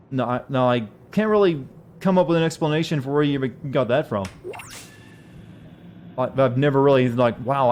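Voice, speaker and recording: A man streams a game and chats loosely with viewers, full of "uh"s and restarts. His voice is mid-pitched. A steady hiss runs under the recording. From southern US. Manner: chatty, rambling, many fillers. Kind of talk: casual gameplay chat.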